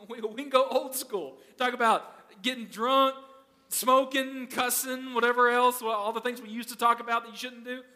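High, bright-voiced preacher man. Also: in a large hall. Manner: conversational, asks the congregation questions. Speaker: pastor. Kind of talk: sermon.

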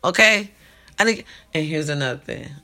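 A woman's voice: sits low, lively intonation, normal speed, pushed and bright. A woman talking to her followers in an emphatic late-night monologue, repeating herself and calling out to them, recorded at home. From California. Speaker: vlogger.

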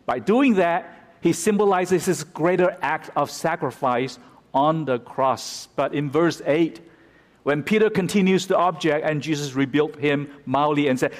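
A man's voice: a little high, measured pace. A man preaching a sermon who explains scripture and turns dramatic when he quotes it. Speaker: pastor. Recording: reverberant hall.

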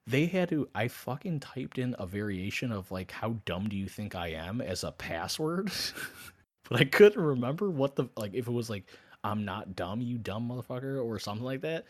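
A mid-range voice at a moderate pace belongs to a podcast co-host relaying a story in relaxed chat. He swears without restraint and lively acts out each side of the dialogue.

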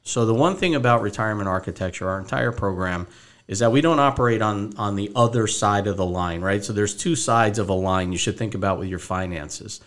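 A man's voice: fairly low pitch, fairly quick, a bit bright. A man hosting a podcast as a financial advisor, telling a story casually and acting out both sides of a phone call.

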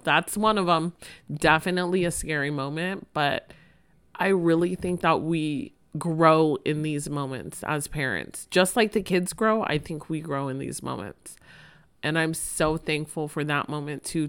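A woman's voice: low-pitched, clear, resonant tone. A woman in her thirties hosting a podcast, talking chattily and emotionally about family, laughing often. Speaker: podcast host. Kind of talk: casual podcast monologue.

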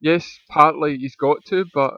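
A man's voice: on the high side, steady tone, unhurried, bright, forceful tone, no echo, highs cut off. Dry-humored man on a podcast. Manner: dry, teasing, talks through race analysis. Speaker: podcast co-host. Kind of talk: casual chat.

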